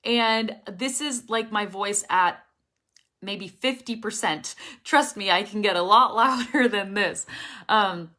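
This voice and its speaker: A young woman leads a casual online English pronunciation lesson. Her voice is bright and strong, well supported and carrying, with energetic emphasis throughout. She keeps checking in with her viewers, often asking "okay?". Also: medium pitch, takes it slowly.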